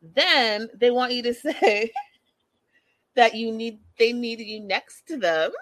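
A woman giving a casual, animated recap to her viewers, judgmental and chatty, addressing them directly. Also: on the high side, slow pace. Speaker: commentator.

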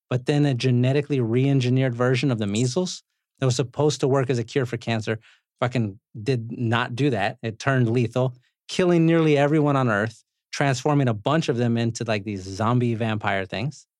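A man hosting a podcast, recapping movie scenes in a lively, joking way, with casual swearing. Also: medium pitch, moderate pace, no room sound, clean studio sound. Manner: animated storyteller, swears, laughs often. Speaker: podcast host.

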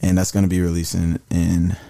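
A man's voice: low voice, completely flat delivery, fairly quick, gravelly, warm tone. A man who is a guest musician, talking about his music in a laid-back way on a podcast, with many ums. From Dallas. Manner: laid-back, says um often. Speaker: guest artist. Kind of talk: casual podcast chat.

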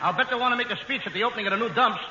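A comedian man with a high, boyish voice cracks whiny jokes in old-time radio style. The sound is muffled and dull, with loud hiss and an echoey room around him. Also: racing. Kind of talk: 1940s radio comedy acting.

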